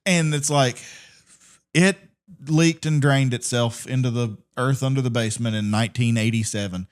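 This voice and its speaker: Swearing freely and laughing often, a podcast co-host spins animated stories in casual conversation. His voice is clean and mid-range, with a moderate pace.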